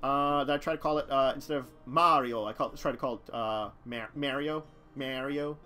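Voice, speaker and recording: A man's voice: medium pitch, fairly even intonation, brisk, pushed and bright, faint music behind. Chatty man streaming a deck review. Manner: rambling, chatty, talks to chat, chuckles. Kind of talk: casual live-stream commentary.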